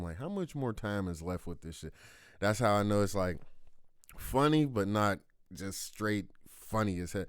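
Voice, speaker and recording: A man's voice: sits low, smooth, no room sound, studio quality. A man reacting casually to a comedy clip, laid-back and slangy. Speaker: reaction streamer.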